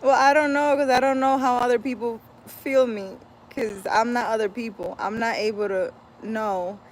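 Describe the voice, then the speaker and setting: A woman's voice: a little high, fairly even intonation, moderate pace, a little hiss or hum. A woman hosting a casual livestream outdoors, greeting viewers by name and chatting loosely as she reads their comments. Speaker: livestream host and spiritual healer.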